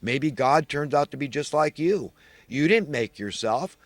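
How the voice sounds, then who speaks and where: A man's voice: a little high, normal speed, no echo. A middle-aged American man giving an earnest, rambling moral monologue, repeating himself and restarting his phrases. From United States. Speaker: vlogger.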